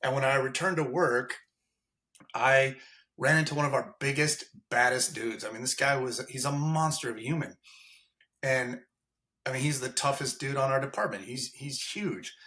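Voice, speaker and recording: Bright-voiced fire captain speaking passionately. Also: male voice, mid-range voice, moderate pace. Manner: earnest, impassioned storytelling. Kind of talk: candid podcast interview.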